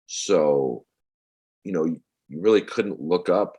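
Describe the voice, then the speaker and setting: Deep-voiced comedian in his forties. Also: slow, pauses often, husky. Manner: rambling, animated storyteller. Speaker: comedian guest. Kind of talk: casual podcast chat.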